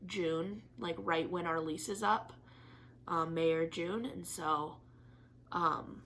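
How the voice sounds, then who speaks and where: A woman's voice: fairly low pitch, slow pace, a bit bright, slight background noise. A young woman chatting candidly to camera in a craft vlog, swearing casually and laughing often, teary and disappointed. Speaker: craft vlogger.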